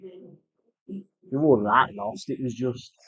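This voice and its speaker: A man's voice: mid-range voice, expressive, takes it slowly, a bit bright, husky, dry recording. A man with a British accent telling a casual story, swearing often and acting out other people's voices. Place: tattoo studio. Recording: dry, slightly dull sound.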